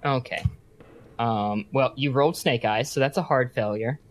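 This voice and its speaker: A man's voice: medium pitch, moderate pace. A man narrating as game master in a casual tabletop game. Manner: relaxed, explaining rules.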